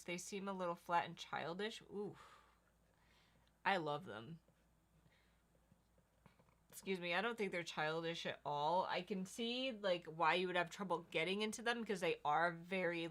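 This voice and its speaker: A woman's voice: lowish voice, a bit bright. A woman co-hosting a casual livestream, chatting and reading viewer comments aloud. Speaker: livestream co-host.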